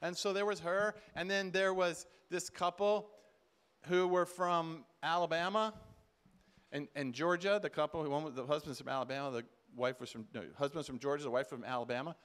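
Man preaching at a conference, animated storyteller, high clear voice. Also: normal speed. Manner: animated, acts out conversations. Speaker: conference speaker. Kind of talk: storytelling sermon talk.

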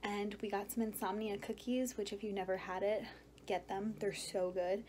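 A woman's voice: mid-range voice, flat delivery, moderate pace, darkish tone, slight background noise. A young woman in her twenties chatting casually to viewers in a vlog, upbeat and direct. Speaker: vlogger. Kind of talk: casual vlog chat to camera.

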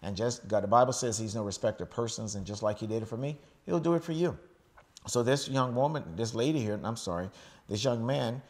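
Middle-aged male pastor from the US, lowish voice, chatty sermon delivery with "okay?" asides. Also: quick pace. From United States. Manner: conversational preaching with frequent "okay?" check-ins and restarts.

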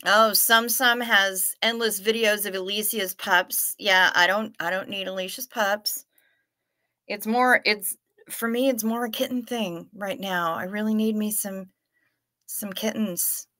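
Playful unhurried woman livestream host. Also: medium pitch, fairly even intonation, sharp tone. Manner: playful and teasing, often laughing; trails off and restarts, unhurried. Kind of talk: casual livestream chat reading viewer comments.

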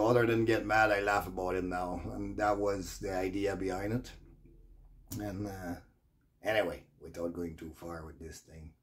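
A man with a Quebec French accent rambles through a casual vlog rant to camera. He talks in loose, non-native English and swears freely, his voice sitting at an ordinary middle pitch. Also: darkish tone. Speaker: vlogger.

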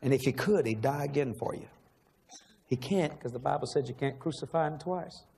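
A man's voice: medium pitch, normal speed, gravelly, warm tone, slightly rough. A man preaching a sermon in a large church, emotional and pleading, asking the same questions again and again. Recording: long echo of a large hall.

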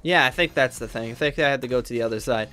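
Quick, pushed and bright, this mid-range male voice belongs to a young gaming YouTuber who mutters through his gameplay and bursts out when frustrated. Game music plays faintly behind him.

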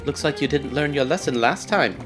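A man's voice: medium pitch, a little fast, music in the background, pitched above the performer's own voice, close to an everyday voice. A man voicing a bold heroic male outlaw in a game, cool and commanding. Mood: taunting.

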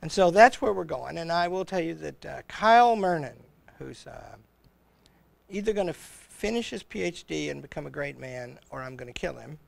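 A man's voice: a little high, animated, moderate pace, vocal fry, no room sound. An older man, a college president, chatting casually and telling stories, often acting out the voices in his anecdotes. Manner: rambling storyteller, chuckles, acts out quoted exchanges. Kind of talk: casual conversation on a livestream.

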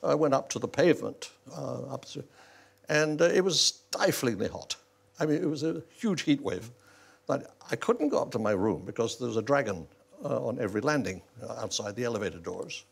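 A man's voice: medium pitch, big pitch swings, brisk, creaky, husky. An older man telling wry stories as a talk show guest, chuckling through them. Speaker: interview guest. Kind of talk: anecdotal storytelling in a talk show interview. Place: television studio.

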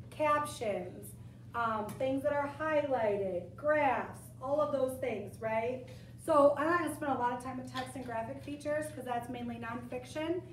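Casting: high-voiced young woman teacher, chatty and animated, in an echoey classroom caught from a distance. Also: a little hiss or hum. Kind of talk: classroom lesson to students. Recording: echoey room, camera from far off.

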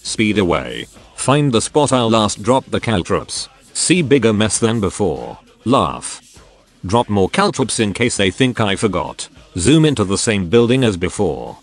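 A man's voice: lowish voice, sing-song, a little slow. A computer-generated male voice reading crude first-person forum stories straight through. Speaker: narrator.

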